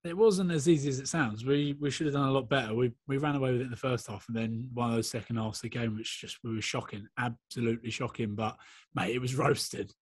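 A man's voice: medium pitch, steady tone, fast, slightly rough, dry recording. A man on a casual sports podcast, teasing his mates with swearing and frequent laughs. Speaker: podcast co-host and rugby player. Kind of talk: casual banter.

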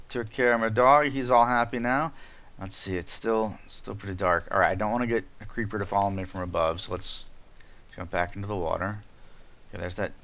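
Lower-voiced man narrating gameplay for kids. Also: a bit bright. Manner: chatty, talks straight to young viewers, explains each step; frequent exclamations while playing. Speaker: Minecraft let's-play host. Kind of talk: kid-friendly gameplay commentary.

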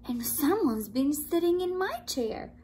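A woman's voice: high voice, very animated, measured pace, mellow, slight background noise, pitched above the performer's own voice. A woman voicing a motherly mama bear in a storybook tale, light and mild. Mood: puzzled.

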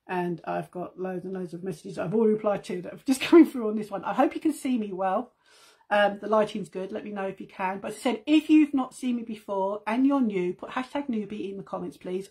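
A woman's voice: mid-range voice, a little mellow, breathy edge. A middle-aged woman chatting casually to her viewers on a live stream from home, rambling through asides and calling them guys. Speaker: makeup seller and host. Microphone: phone.

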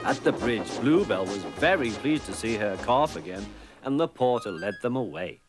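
A British man narrating a children's storybook in a measured, expressive way. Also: mid-range voice. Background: music.

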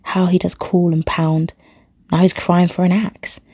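A woman reading an audiobook in a hushed voice that often drops to a whisper. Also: fairly low pitch, little pitch movement, unhurried, husky, no room sound, clean studio sound. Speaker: audiobook reader. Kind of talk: scripted audiobook narration.

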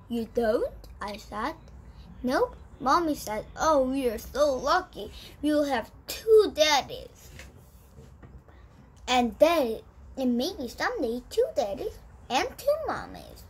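A child whose first language is Korean reads an English storybook aloud in a high voice that rises and falls a great deal. The reading is slow and careful, with frequent restarts on tricky words. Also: husky, poor audio. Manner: halting, repeats and corrects words while reading. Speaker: young English learner.

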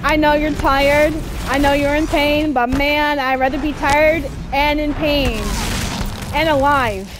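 A woman giving excitable let's-play commentary while gaming, squealing and cheering through the fights. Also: high-pitched, unhurried, noisy background. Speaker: gamer playing a video game. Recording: game music playing behind the voice.

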